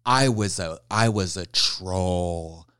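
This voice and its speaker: A man co-hosting a casual chat, playful, echoing the others and laughing high. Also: slow, fairly bright tone, clear, resonant tone, studio quality.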